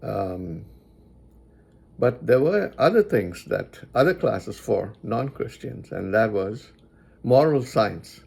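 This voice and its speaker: A man giving moral advice in a reflective spoken monologue, deliberately repeating lines for emphasis. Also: fairly low pitch, animated, gravelly, a little mellow, slightly rough.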